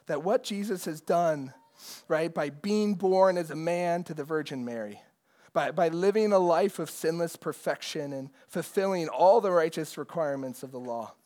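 A male pastor delivers a sermon in an earnest, explaining manner. His voice sits a little higher than most men's. He reads passages of scripture aloud, then unpacks them for the congregation. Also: a little mellow. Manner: earnest preaching with scripture readings, occasional restarts.

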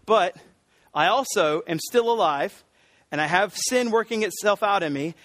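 A man's voice: sits high, expressive, normal speed, a bit bright, no echo, studio quality. A middle-aged American man preaching a sermon as pastor, earnest, stressing and repeating key words, with frequent ums and restarts. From United States.

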